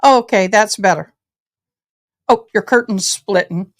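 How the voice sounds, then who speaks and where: Bubbly, slow-talking woman host. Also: mid-range voice. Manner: bubbly and effusive, calls viewers y'all. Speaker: host of a legal news channel. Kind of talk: casual livestream chat.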